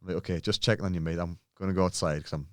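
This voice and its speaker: Deep-voiced man telling a story. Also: very fast, clean tone, no room sound, clean studio sound. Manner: animated, swears often, acts out quotes. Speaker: podcast guest, bodybuilder. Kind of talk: casual storytelling.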